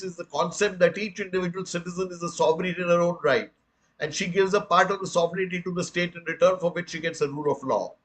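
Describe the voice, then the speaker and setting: An older man with an Indian English accent delivers an earnest, rhetorical public lecture. His voice sits somewhat higher than most men's, and he addresses his listeners warmly as friends. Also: poor audio. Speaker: guest speaker.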